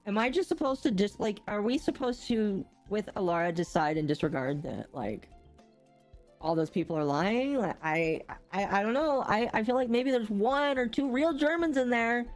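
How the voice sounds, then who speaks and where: A young adult woman co-hosting a casual streamed podcast, rambling and halting with frequent restarts and small laughs. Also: medium pitch. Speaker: podcast co-host.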